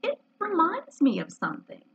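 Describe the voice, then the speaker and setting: A woman voicing a humble, simple-minded male toy bear in a storybook reading, speaking slowly and earnestly, on a dull lo-fi recording. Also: very high-pitched, wildly swooping pitch, fairly bright tone, pitched above the performer's own voice, full character voice. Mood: solemn. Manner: slow, earnest and wistful.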